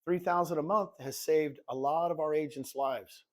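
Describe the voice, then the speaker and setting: A real estate coach in his sixties, his voice fairly high and his pace normal, gives a live presentation to agents. He's a self-described goofball whose lively storytelling includes acting out dialogue.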